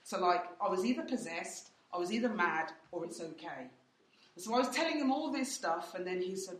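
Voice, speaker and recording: A woman's voice: medium pitch, expressive, moderate pace, far from the mic, a little hiss or hum. A woman teaching in church, telling her story in a chatty way with many fillers and voicing others in quotes. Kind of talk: teaching testimony. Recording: roomy and off-mic.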